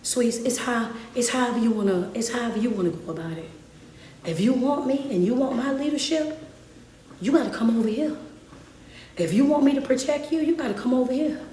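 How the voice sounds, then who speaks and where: A woman's voice: fairly high pitch, fairly quick, warm tone, a little hiss or hum, natural voice. A woman speaking as God, a firm, fatherly male deity, laying out conditions in a laid-back, repeating way. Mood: easygoing. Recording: roomy, distant mic, faint ambience.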